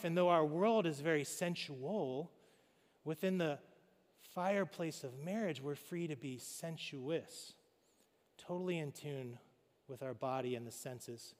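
Male pastor, slightly high voice, conversational and animated sermon delivery, reverberant church hall. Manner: conversational, animated, addresses congregation directly.

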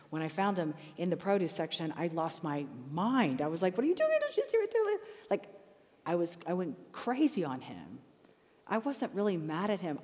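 A middle-aged woman with a slightly low voice tells personal stories in a Christian talk, breaking into lively retellings of her arguments. Her voice rings out with the long reverb of a large hall. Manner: conversational, animated retellings of her own arguments. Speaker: Christian speaker.

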